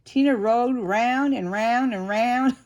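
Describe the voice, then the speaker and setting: Older lady reading a kids' book out loud, slow and kinda high, chatty asides. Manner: warm-hearted asides, slow expressive reading. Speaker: storyteller grandmother. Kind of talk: reading a picture book aloud to a child.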